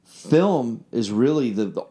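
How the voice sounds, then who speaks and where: A man's voice: mid-range voice, big pitch swings, slow pace, dark tone. A man in a casual chat, talking about filmmaking and his songwriting with loose, rambling storytelling full of fillers and restarts.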